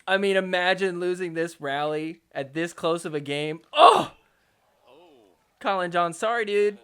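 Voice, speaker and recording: A young man hosting a podcast, recapping match footage in a joking, excitable way with mock outrage. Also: high-pitched, moderate pace, smooth. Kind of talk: casual sports recap commentary.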